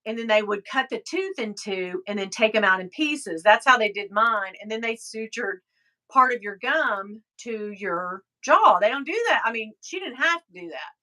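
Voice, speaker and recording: A woman's voice: fairly high pitch, lively intonation, normal speed, sharp tone. A middle-aged woman hosting a live stream, chatting casually, telling stories and reading out viewer comments. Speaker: livestream host.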